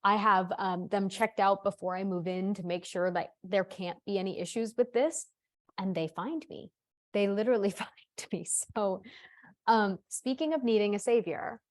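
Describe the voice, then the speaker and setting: A woman in her thirties telling an animated, laughter-filled story on a podcast, often repeating words. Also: mid-range voice. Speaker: podcast co-host. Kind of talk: casual storytelling.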